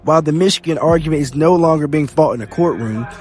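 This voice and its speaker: A man hosting a podcast, reading news reports aloud in a steady read-aloud delivery. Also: a little high, fast talker. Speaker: podcast host. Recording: faint music bed behind.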